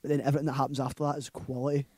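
A man's voice: medium pitch, level tone, rapid-fire, dark tone, slightly rough, no room sound. A man with a Scottish accent, co-hosting a casual movie chat and retelling a film plot in a loose, rambling way, full of "like" and "right?". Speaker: podcast co-host.

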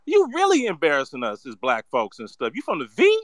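A man's voice: a little high, wildly swooping pitch, a little fast, no echo. A man giving a profane, ranting commentary, heated and mocking, heavy on slang and cursing. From San Francisco Bay Area. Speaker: political commentator.

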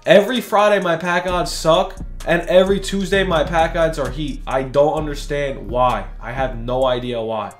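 A young man doing casual, excitable commentary for a gaming video, slangy and hyped, jumping between shouting and muttering. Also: fairly high pitch, moderate pace, hardly any pauses, roomy sound, soft background music. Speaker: gaming YouTuber. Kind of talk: casual pack-opening commentary.

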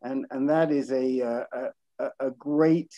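A man hosting a video call interview, speaking haltingly with stuttered repeats. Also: mid-range voice, fairly even intonation, no room sound, muffled recording. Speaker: host.

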